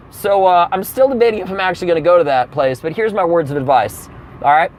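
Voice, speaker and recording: A man's voice: high voice, quick pace, a little mellow. A man telling a comic rant story, acting out the people he quotes. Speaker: comedian. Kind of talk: comedic rant monologue.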